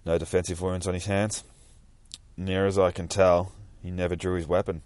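A man's voice: low-pitched, little pitch movement, normal speed, a little mellow, no echo, natural voice. A man voicing a grave male small-town coroner in a comic read-aloud. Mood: somber.

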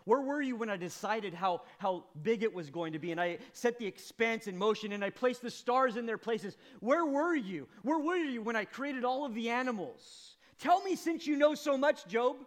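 A preacher voicing God as a stern, demanding figure who fires rhetorical questions. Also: male voice, extremely high pitch, expressive, normal speed, hardly any pauses, pitched above the performer's own voice. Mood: stern challenging. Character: God, a stern challenging divine voice.

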